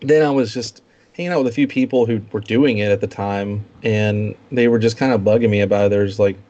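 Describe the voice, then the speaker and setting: A man's voice: lowish voice, steady tone, brisk, warm tone. A man guesting on a live stream, telling stories in a loose, chatty way and laughing often. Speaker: guest YouTuber. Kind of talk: casual live-stream chat. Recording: dull lo-fi stream audio.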